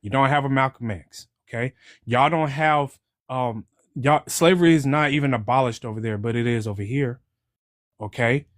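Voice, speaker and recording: A man's voice: medium pitch, moderate pace, fairly bright tone, no room sound. Emphatic male caller, dry sound. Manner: emphatic, repeats "okay?". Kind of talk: heated livestream call-in.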